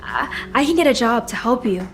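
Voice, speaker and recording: A young woman playing a hardworking high school girl from a poor family in a scripted drama. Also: expressive, moderate pace, soft background music. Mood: insistent. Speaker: student.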